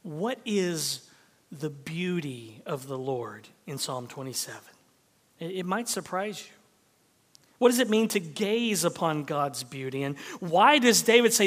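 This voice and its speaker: A man preaching a sermon as pastor, shifting between emphatic declarations and hushed near-whispers. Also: a little high, animated, a little slow. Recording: long hall reverb.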